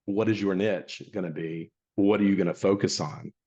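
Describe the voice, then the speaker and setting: A man's voice: low-pitched, fairly even intonation, moderate pace, dark tone, husky. A man hosting a podcast in casual chat, emphatic and repeating his points for stress. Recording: dull muffled lo-fi sound.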